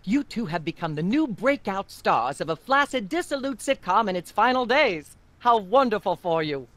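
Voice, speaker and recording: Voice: medium pitch, big pitch swings, normal speed, fairly bright tone, no echo. An actor voicing a prim, lecturing female talk-show host in a video game.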